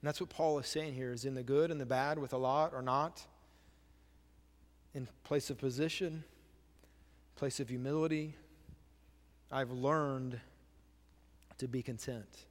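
A man's voice: medium pitch, steady tone, a little slow, long pauses, big-room sound. A male pastor giving a sermon, repeating key phrases and asking the congregation questions. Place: church sanctuary.

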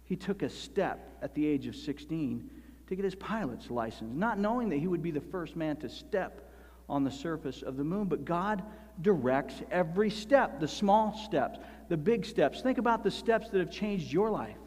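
Guy preaching in a church, lively and emphatic, stretches out key words, big echoey room. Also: a little high. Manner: animated, emphatic preaching with slowed stressed phrases. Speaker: pastor. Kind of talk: sermon. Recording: long hall reverb.

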